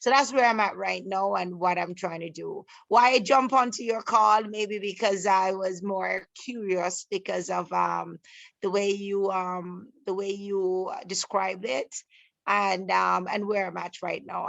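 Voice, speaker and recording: A woman's voice: mid-range voice, fairly even intonation, gravelly, a bit bright, dry recording, lo-fi sound. A middle-aged woman with a Jamaican accent, chatting on a video call and often stopping to restart her sentences. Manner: halting, many restarts and fillers. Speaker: participant. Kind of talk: casual video call chat.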